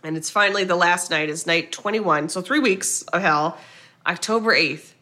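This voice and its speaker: A woman co-hosting a podcast, retelling a film's plot in a casual, animated way, quoting the characters and swearing now and then. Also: on the low side, moderate pace. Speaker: podcast co-host. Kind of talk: casual movie recap chat.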